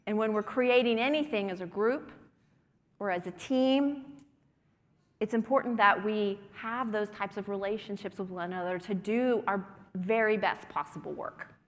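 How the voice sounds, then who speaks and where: A woman's voice: medium pitch, moderate pace. A woman presenter leading a group through breathing and humming exercises in an encouraging way, in a conference breakout room. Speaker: workshop presenter. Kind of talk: guided breathing and humming workshop. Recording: long hall reverb.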